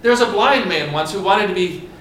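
A man's voice: sits high, lively intonation, brisk, a bit bright, slight background noise. A man preaching a sermon, asking the congregation questions and building with dramatic emphasis. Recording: echoey room with faint ambience.

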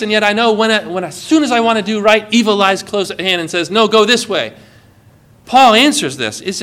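High, bright-voiced preaching pastor. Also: male voice. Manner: impassioned preaching, quotes scripture. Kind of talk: sermon.

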